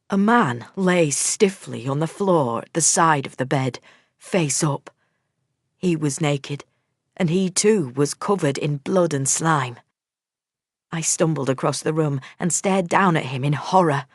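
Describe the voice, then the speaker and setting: A woman narrating a first-person audiobook in a measured, steady storytelling manner. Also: deep voice, no echo, studio quality.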